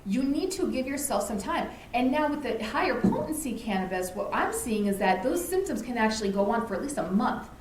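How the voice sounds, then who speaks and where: A woman's voice: fairly high pitch, lively intonation, fairly quick, few pauses. A woman delivers an informal educational talk to a lunch audience. She keeps it conversational, checking in with "right?" and acting out little stories. The room is echoey, with a faint hiss behind her. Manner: conversational, uses "right?" often, acts out anecdotes. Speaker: speaker at a community lunch talk.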